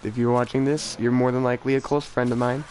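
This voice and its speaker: A man's voice: medium pitch, little pitch movement, fast, darkish tone, a little hiss or hum, poor audio. A teenage boy chatting casually on a game stream, rambling and self-deprecating, often trailing off and restarting. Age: teens. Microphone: desk mic for streaming.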